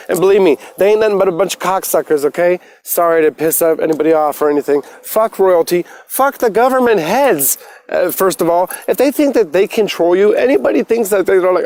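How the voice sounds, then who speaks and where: A man's voice: high-pitched, animated, brisk, dry recording. Profane, preachy man ranting on a livestream. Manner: profane, preachy, swings from soft to loud ranting. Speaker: motivational livestreamer. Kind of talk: casual rambling livestream rant. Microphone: phone.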